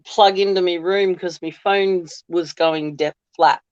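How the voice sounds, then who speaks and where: A woman's voice: on the low side, fairly even intonation, unhurried, clear, resonant tone, dry recording. Friendly Australian woman guest, dull dry video-call audio. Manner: friendly, laughs easily. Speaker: guest on a live stream. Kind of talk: casual chat over video call.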